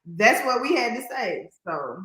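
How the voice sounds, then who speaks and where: A woman with a Southern American accent, a realtor talking in a lively, folksy way as a podcast guest. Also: a little high, unhurried, echoey room. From Southern United States. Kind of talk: casual podcast interview.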